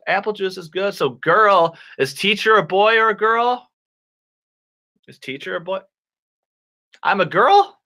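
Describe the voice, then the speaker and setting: Male online ESL teacher, animated and playful with kids, slow deliberate delivery, bright voice. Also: fairly high pitch. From Michigan, USA. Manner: playful, exaggerated, makes silly sounds. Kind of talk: animated kids' online class.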